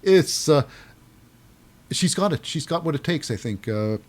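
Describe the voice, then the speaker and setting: A man's voice: fairly high pitch, expressive, unhurried. A man casually recapping a wrestling show, rambling with many fillers and restarts, sometimes acting out quotes in a raised voice.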